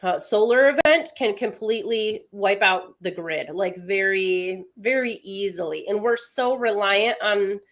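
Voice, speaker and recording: A woman's voice: mid-range voice, unhurried, hardly any pauses. Chatty woman co-hosting a livestream. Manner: chatty, animated, explains science plainly. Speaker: astrology livestream co-host. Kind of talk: casual livestream chat.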